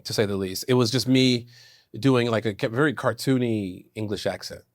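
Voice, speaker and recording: A man, an actor, chatting in an interview and telling animated stories, laughing often. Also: mid-range voice, normal speed, dry recording, clean studio sound. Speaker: actor guest. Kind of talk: casual interview chat.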